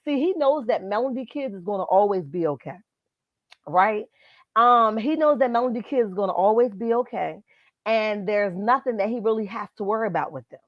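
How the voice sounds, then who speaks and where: A woman's voice: medium pitch, expressive, brisk, dry recording, lo-fi sound. A woman hosting a casual live stream, commenting on celebrity gossip in an emphatic, sassy way and talking straight to her chat, speaking. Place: at her workplace, indoors. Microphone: computer mic.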